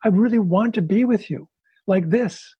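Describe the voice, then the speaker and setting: A man voicing a middle-aged wife who pleads softly to feel her husband's love. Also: high voice, normal speed, slightly rough, dry recording, highs cut off, full character voice. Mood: tender.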